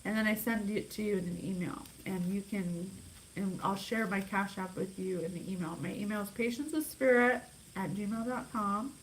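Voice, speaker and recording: A woman's voice: medium pitch, moderate pace, slight background noise, low-quality recording. A young woman giving an intense, emphatic psychic reading, speaking straight to her viewers. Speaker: psychic reader. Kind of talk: channeled reading monologue.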